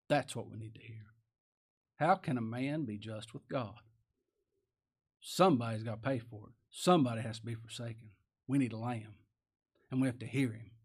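A man preaching a sermon in a folksy, plain-spoken way, often asking his listeners questions and raising his voice to loud cries for emphasis. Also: medium pitch, moderate pace.

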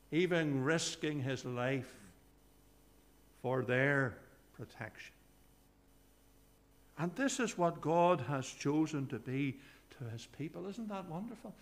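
High-voiced preacher, slow and bright. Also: male voice. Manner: earnest preaching that drops low and soft on scripture quotes. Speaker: pastor. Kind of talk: sermon. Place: church.

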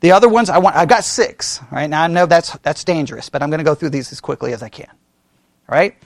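A man's voice: on the high side, fairly quick, creaky, no room sound. A man preaching as a pastor, in a conversational way, quizzing his listeners with questions and often restarting his sentences. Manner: frequent self-corrections and restarts. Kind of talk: sermon.

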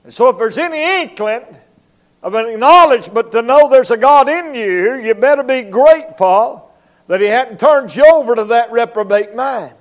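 A male evangelist with a drawl delivers a revival sermon in church. His voice sits very high, and he preaches emphatically, slipping into quick acted-out voices and sound effects. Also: animated. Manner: emphatic preaching, acts out voices and barking dog.

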